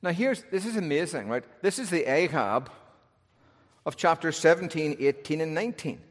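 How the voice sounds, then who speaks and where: A man's voice: on the high side, expressive, normal speed. Preacher man in a reverberant hall. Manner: storytelling with wry humor and shifting emphasis. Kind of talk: expository sermon.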